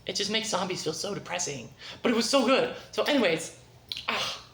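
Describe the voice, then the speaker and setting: A woman's voice: medium pitch, animated, a little fast, gravelly, a bit bright, a little hiss or hum. A young woman talking in a casual video review, rambling and gushing in a scatterbrained way. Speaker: book reviewer. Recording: echoey room.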